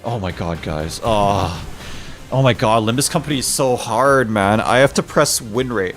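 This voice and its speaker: A man's voice: lowish voice, normal speed, faint music behind. A young man streaming games, chatting casually, laughing often and bickering playfully with his chat.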